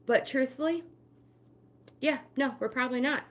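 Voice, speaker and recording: A woman's voice: sits high, moderate pace. An older woman leading a live-streamed walking workout, giving friendly exercise cues and greeting viewers by name. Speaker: fitness instructor and livestream host.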